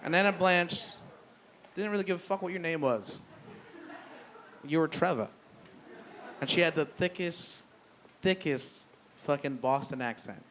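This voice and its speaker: A man's voice: fairly high pitch, a little slow, long pauses, a bit bright, slight background noise. Rambling, profane stand-up comic man. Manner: profane, self-deprecating storytelling; loose, rambling delivery with restarts. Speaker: stand-up comedian. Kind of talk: stand-up comedy. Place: brewery comedy show with live audience.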